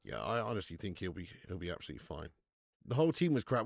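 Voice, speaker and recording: A young man hosting a live football watch-along, chatting casually, swearing freely and answering viewers' comments out loud. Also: sits low, fast, vocal fry, no echo, clean studio sound. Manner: excitable, swears, reads chat comments aloud. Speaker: live-stream host.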